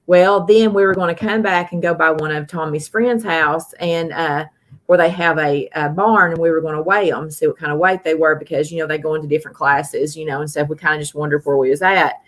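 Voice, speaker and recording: A woman's voice: low voice, steady tone, fairly quick. A middle-aged woman hosting a live stream, telling a rambling, folksy story full of "uh" and "you know". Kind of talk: casual storytelling chat.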